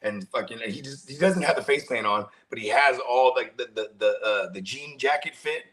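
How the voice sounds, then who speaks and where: A man's voice: medium pitch, moderate pace, a bit bright, rough recording. A man co-hosting a podcast, telling long stories in casual, profane chat full of slang. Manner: profane, rambling storyteller with slang. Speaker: co-host.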